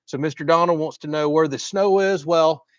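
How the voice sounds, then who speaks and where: A man from Florida, slightly hoarse, hosting a casual livestream chat from outdoors in a chatty, folksy, rambling way. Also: on the high side, normal speed, dry recording, highs cut off. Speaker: livestream host. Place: outdoors at a home cooking spot.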